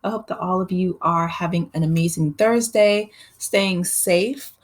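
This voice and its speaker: A woman's voice: on the low side, unhurried. A woman hosting her own channel, giving a casual, chatty movie recap with frequent laughs and fillers. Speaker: channel host.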